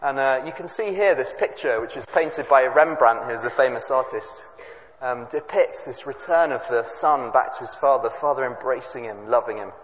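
A man at a family service, reading a Bible story aloud and explaining it to the children in a chatty way, with quick asides to the audience. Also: medium pitch, a bit bright. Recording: echoey hall, dull lo-fi sound, faint noise.

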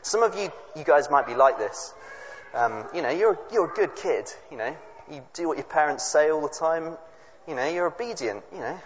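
A man at a family service, reading a Bible story aloud and explaining it to the children in a chatty way, with quick asides to the audience. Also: on the high side, animated. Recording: echoey hall, dull lo-fi sound, faint noise.

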